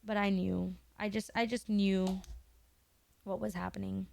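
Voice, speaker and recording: A woman's voice: mid-range voice, flat delivery, a little slow, creaky, darkish tone. A young woman streamer in her twenties chatting candidly and emotionally with her viewers, swearing casually.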